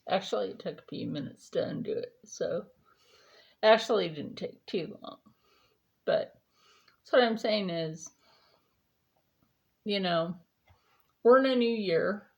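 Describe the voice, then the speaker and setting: A woman's voice: mid-range voice, expressive, measured pace, gravelly, pauses often, a little mellow, lo-fi sound. A woman vlogger chatting casually during her skincare routine, telling a rambling story with lots of fillers.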